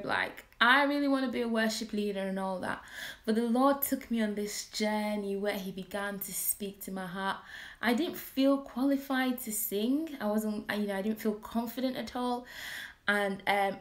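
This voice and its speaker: A woman giving an earnest, conversational talk about her faith, dropping into soft hushed asides. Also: mid-range voice, echoey room. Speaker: Christian vlogger. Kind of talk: reflective personal talk on worship.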